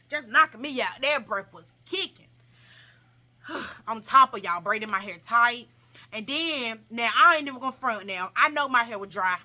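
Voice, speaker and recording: A young woman vlogger telling a casual, animated story in slangy talk, repeating herself for emphasis. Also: on the high side.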